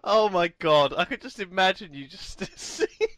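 A man's voice: high voice, very animated, normal speed, fairly bright tone, no room sound. A man co-hosting a comedy podcast in casual chat, teasing and playfully interrupting. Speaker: podcast co-host.

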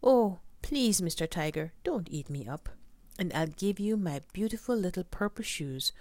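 A woman's voice: on the low side, expressive, moderate pace, darkish tone, no room sound, pitched above the performer's own voice, lightly acted. A woman voicing a small frightened boy in a children's storybook reading, with a pleading, breathless manner.

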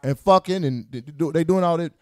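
A young man co-hosting a casual chat show, ranting loudly in a profane, joking way. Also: a little high, a little fast, no echo, clean studio sound. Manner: loud, profane, joking rants. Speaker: podcast co-host.

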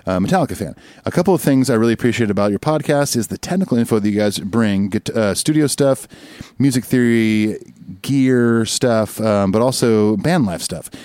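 A young man co-hosts a casual podcast in a low voice. He is playful and jokes around. The sound is close and dry. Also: moderate pace, darkish tone, no echo. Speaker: podcast co-host.

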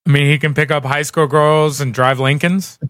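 This podcast co-host has a fairly high, fairly bright voice with fairly even intonation, moving at a moderate pace through rambling, self-deprecating small talk full of laughter. The studio-quality recording is dry.

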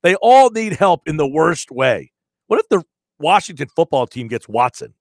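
Man, 40s, sports radio host, rambling casual talk, slightly high voice, dry close studio mic. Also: very animated, normal speed, dry recording. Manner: rambling, conversational, reads listener texts.

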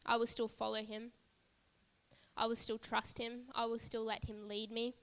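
A woman's voice: a little high, little pitch movement, moderate pace, in a large hall. A woman preaching a sermon at a church service, earnest and repetitive, building emphasis phrase by phrase.

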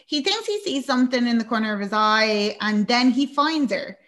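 A woman's voice: fairly high pitch, lively intonation, normal speed, fairly bright tone. A woman co-hosting a podcast, casually recapping a film with plenty of fillers and acted-out quotes. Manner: chatty, lots of fillers, acts out character lines. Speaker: podcast co-host.

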